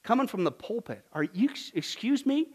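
High-pitched pastor preaching emphatically. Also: male voice, big pitch swings, normal speed, breathy edge. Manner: swings from low and quiet to loud and forceful; emphatic and indignant, with repeated phrases. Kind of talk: sermon.

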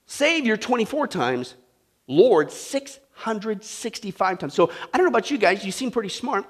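A man preaching a sermon to a congregation, animated and asking them questions. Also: high voice, moderate pace. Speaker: pastor. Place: church with a live congregation.

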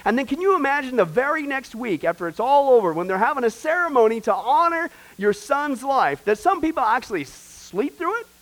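A man teaching a discipleship class as a pastor, questioning the class and swinging from hushed to loud as he tells a story. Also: extremely high pitch, low-quality recording. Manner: retells a story, acting out the voices in it.

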